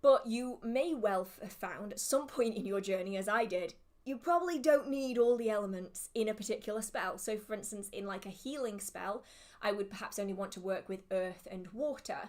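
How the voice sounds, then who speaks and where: A woman's voice: mid-range voice, moderate pace. A woman hosting a casual livestream Q&A, chatty and self-deprecating, with the hiccups. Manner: chatty, self-deprecating, laughs at own slips. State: has the hiccups. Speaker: witchcraft livestream host.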